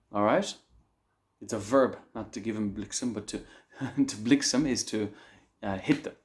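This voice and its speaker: A man teaching an online English lesson on slang, lively and chuckling as he explains words. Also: on the low side, unhurried, slight background noise. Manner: lively, acts out example phrases with chuckles.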